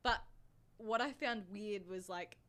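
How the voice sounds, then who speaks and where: An Australian woman chatting casually as a guest, excitable and quick to giggle. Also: mid-range voice. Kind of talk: casual chat.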